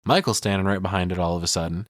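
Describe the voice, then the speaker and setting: Low-pitched man in a dry booth, swearing and joking through a casual film recap. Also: no echo. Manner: profane, animated storyteller with quick jokes. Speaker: podcast co-host recapping a film. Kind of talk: casual chat.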